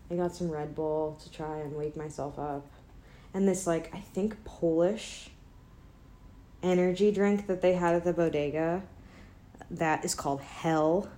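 Drowsy woman vlogger, low-ish voice, self-mocking ramble, echoey home room. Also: fairly even intonation, unhurried, warm tone, slight background noise. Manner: rambling, self-deprecating, trails off and restarts. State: sleepy, not fully awake. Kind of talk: casual rambling chat to camera. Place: indoors at home, an apartment. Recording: echoey room with faint ambience.

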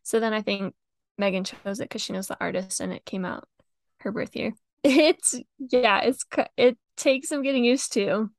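A young woman co-hosting a podcast, chatty and quick to laugh. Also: a little high, no room sound. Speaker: podcast co-host. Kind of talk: casual chat.

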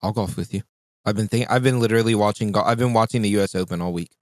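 A man's voice: lowish voice, rapid-fire, dry recording. A young man co-hosting a podcast, telling rambling stories, swearing a lot and acting out what people said. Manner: rambling storyteller, swears a lot, acts out quotes. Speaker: podcast co-host. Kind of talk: casual chat.

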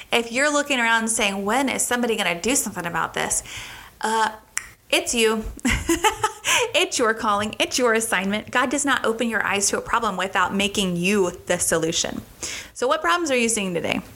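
Bright-voiced earnest American woman teaching faith. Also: a little high, lively intonation, normal speed. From United States. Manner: earnest, emphatic, repeats phrases for effect. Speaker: Christian teacher.

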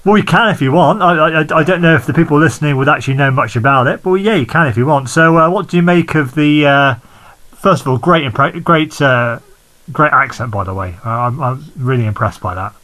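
A man hosting a podcast, interviewing a guest in a friendly, halting way with many restarts. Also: on the high side, fairly bright tone. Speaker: podcast host. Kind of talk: casual interview chat.

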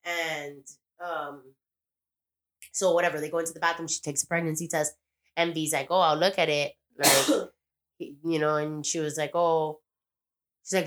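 A woman's voice: low voice, steady tone, normal speed, fairly bright tone. A woman casually recapping a TV episode on a podcast, rambling, swearing freely and acting out the characters' lines. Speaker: podcast co-host.

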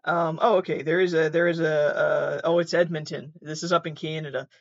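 A man's voice: on the high side, little pitch movement, fairly quick, vocal fry, no echo. A man hosting a podcast, reacting to online clips in a rambling, sweary, exasperated way with lots of restarts. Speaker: podcast host. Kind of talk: casual reaction commentary. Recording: dull, muffled, dry sound.

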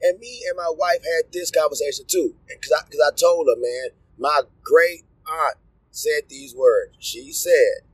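A middle-aged man in a casual, animated, profane rant, speaking to his audience and breaking into loud outbursts. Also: a little high, a little slow, slightly rough, dry recording, low-quality recording. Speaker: commentator.

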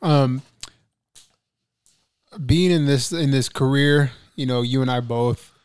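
A man's voice: mid-range voice, slow pace, darkish tone, smooth, no room sound. A young man hosting a podcast, chatting casually with his brother, laughing often and swearing freely. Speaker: podcast host. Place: studio.

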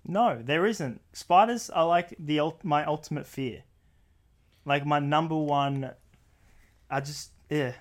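Young man chiming in. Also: fairly high pitch. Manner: interjecting, quick to correct. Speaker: podcast co-host. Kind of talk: casual chat.

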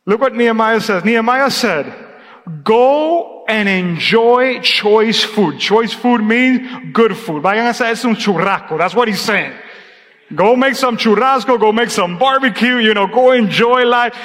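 A man preaching to his church in a high, bright voice. He calls out to the congregation and then drops to a near-hush for emphasis. His voice rings with the long reverb of a church hall. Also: moderate pace. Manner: preaching with call-and-response, drops to a hushed tone for emphasis. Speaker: pastor. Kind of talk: sermon. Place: church sanctuary.

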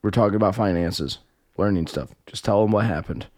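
A man's voice: lowish voice, fairly quick, darkish tone, no room sound. A man co-hosting a podcast in casual chat, joking and nudging his partner along. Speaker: podcast co-host.

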